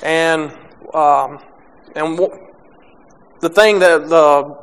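Young male preacher, unpolished and hesitant delivery, clear resonant tone. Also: a little high, fairly even intonation. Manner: halting, many restarts and fillers. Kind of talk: sermon.

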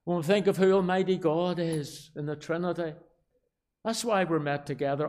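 A man with a Belfast accent preaching a sermon, shifting from quiet asides to loud, emphatic declarations and repeating key phrases. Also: a little high, moderate pace. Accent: Northern Irish, Belfast. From Northern Ireland. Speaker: pastor.

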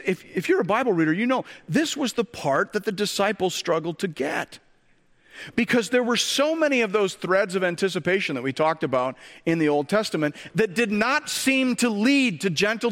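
A man's voice: fairly high pitch, a bit bright, long reverb tail. A male pastor preaching a sermon, talking conversationally with joking asides and rhetorical questions to the congregation.

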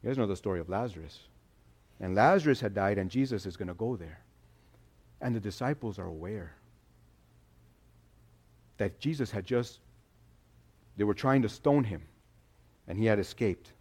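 A man preaching a sermon in a conversational, animated way, acting out quotes as he goes. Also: on the low side, moderate pace, long pauses, husky. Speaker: pastor.

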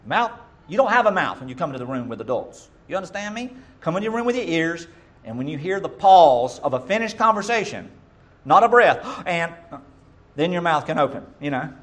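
A middle-aged man preaching a sermon as pastor, emphatic, swinging between loud bursts and quiet asides. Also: a little high, sing-song, a little fast.

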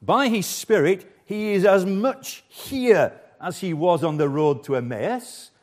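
A man's voice: sits high, takes it slowly. An older man preaching a sermon as the church's pastor, earnest and emphatic, repeating key phrases for weight.

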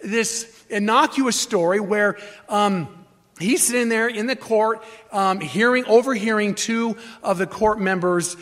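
A man's voice: sits high, a little slow, fairly bright tone. A man preaching a teaching sermon, explaining Scripture with emphatic, repeated phrases and frequent restarts. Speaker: pastor.

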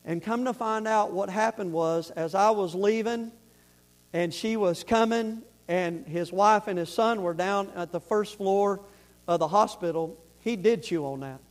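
Man, pastor, high-pitched, earnest sermon storytelling, rising to fervent shouted preaching. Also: a little slow.

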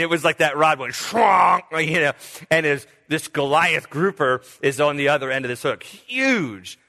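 An older man preaches in a folksy, storytelling way and acts out the voices of the people in his tales. His voice sits a little high and rings bright and forceful. A long church-hall reverb trails after each phrase. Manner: folksy and animated, telling stories with quoted voices. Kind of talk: sermon with personal storytelling.

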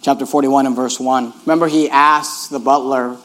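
A man's voice: fairly high pitch, fairly even intonation, fast, hardly any pauses. A man preaching a sermon in an earnest, emphatic way, urging listeners again and again to notice each point.

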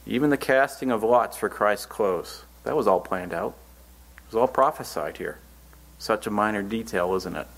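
A man's voice: on the low side, normal speed, creaky, fairly bright tone. A man preaching a Bible-teaching sermon, reading scripture verses aloud and then explaining them in earnest, plain words.

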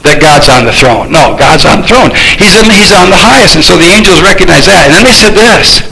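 A man preaching a sermon, emphatic, repeating words and rising to shouts on key points. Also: high voice, animated, fairly quick, gravelly, slight background noise, rough recording.

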